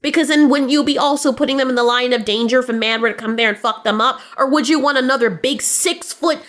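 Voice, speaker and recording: A woman's voice: sits high, fast, a bit bright. A woman giving blunt, sarcastic commentary, often laughing as she talks. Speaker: commentary host. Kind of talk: opinionated commentary.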